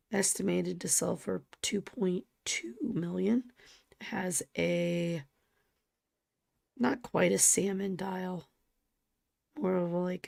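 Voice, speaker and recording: A woman co-hosting a casual livestream, talking slowly and often dropping into a soft near-whisper. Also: fairly low pitch, vocal fry, no echo, studio quality. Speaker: livestream co-host.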